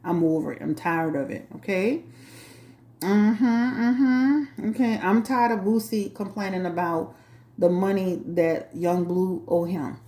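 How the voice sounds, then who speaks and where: A woman's voice: fairly low pitch, moderate pace, mellow, roomy sound. A woman with a New Orleans accent, a tarot reader hosting her channel, chatting bluntly and sassily to a live chat. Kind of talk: casual talk to a live chat.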